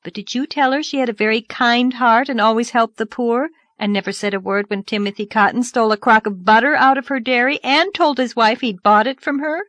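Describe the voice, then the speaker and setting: A woman voicing an earnest, dreamy young girl in an audiobook, lively and reproachful. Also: fairly high pitch, normal speed, no room sound, voice pushed up, natural voice. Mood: animated. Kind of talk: audiobook character voice.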